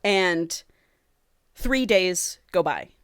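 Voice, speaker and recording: A woman's voice: on the low side, animated, very slow, a bit bright, clear, resonant tone, no echo. A woman hosting a podcast, casually and animatedly retelling a book's plot and swearing freely. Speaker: podcast host. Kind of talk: casual book recap.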